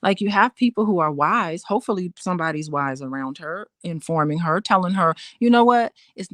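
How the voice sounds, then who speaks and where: A woman's voice: lowish voice, fairly quick, a bit bright, no echo, studio quality. A woman therapist in casual conversation, giving frank and emphatic opinions. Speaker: therapist and host. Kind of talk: casual chat.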